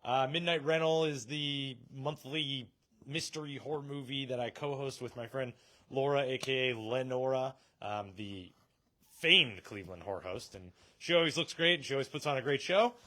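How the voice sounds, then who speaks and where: A man's voice: mid-range voice, moderate pace, pushed and bright. A man hosting a casual live stream from a comic shop, joking and laughing often.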